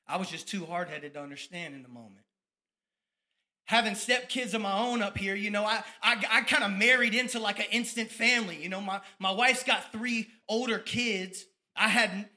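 A man, giving a fired-up testimony sermon about his ministry, at times dropping to soft reflective tones. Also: high-pitched. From Tampa, Florida. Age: 30s.

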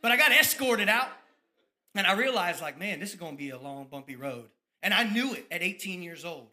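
A man, giving a fired-up testimony sermon about his ministry, at times dropping to soft reflective tones. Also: on the high side, lively intonation, fairly quick. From Tampa, Florida. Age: 30s.

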